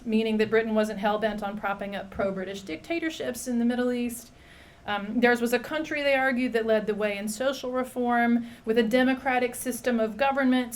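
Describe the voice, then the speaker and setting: A woman giving an academic history lecture in a conversational way, with frequent "um" fillers and restarts. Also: on the high side. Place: lecture hall.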